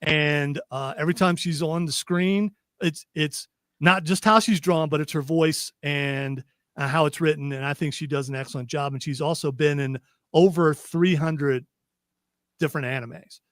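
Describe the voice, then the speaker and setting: A man's voice: fairly high pitch, steady tone, moderate pace, no room sound. Chatty male radio host, dry studio sound. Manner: chatty, rambling, with many restarts. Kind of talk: casual radio talk.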